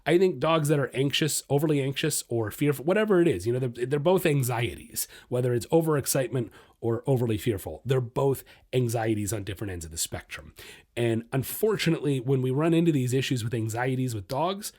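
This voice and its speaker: Guy running a dog podcast, blunt and animated, middle pitch, chatty advice straight to the listeners. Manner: acts out a dog's inner voice in quick asides. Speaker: dog trainer and podcast host.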